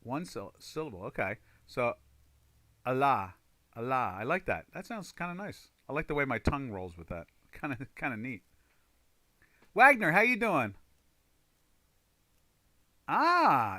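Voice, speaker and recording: Casual trading-stream host, male, bright forceful voice, rambling and filler-heavy, dry close mic. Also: mid-range voice, wildly swooping pitch, moderate pace, no echo. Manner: rambling, reads viewer chat aloud, many fillers. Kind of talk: casual live-stream chat.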